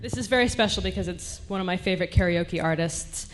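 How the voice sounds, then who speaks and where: A woman's voice: fairly low pitch, fast. A woman reading questions from cards at a live comedy show on a ballroom stage, giggly and flustered. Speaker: contestant asking questions. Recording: live hall recording with loud crowd.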